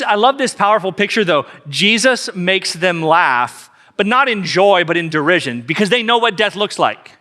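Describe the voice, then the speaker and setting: Bright, high-voiced male preacher. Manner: emphatic storytelling with repeated phrases. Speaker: pastor. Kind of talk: sermon.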